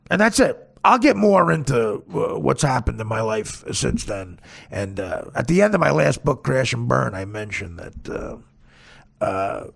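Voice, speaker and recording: Middle-aged male podcast host, very gravelly and husky, animated pitch. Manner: gravelly, raspy voice, bursts into loud laughing shouts when joking. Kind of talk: casual comedy podcast banter.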